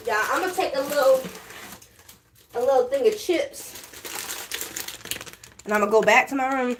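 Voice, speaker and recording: A woman with a fairly high voice chats casually to her camera like she's catching up with friends. She's an animated, gossipy storyteller who keeps breaking into laughter. She's recording from a hotel room during a layover. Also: a little hiss or hum. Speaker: flight attendant.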